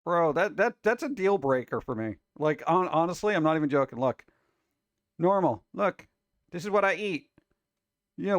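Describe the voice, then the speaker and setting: A man's voice: on the high side, lively intonation, normal speed, no room sound. A man hosting a casual reaction show about food videos, talking in an exasperated, wisecracking way.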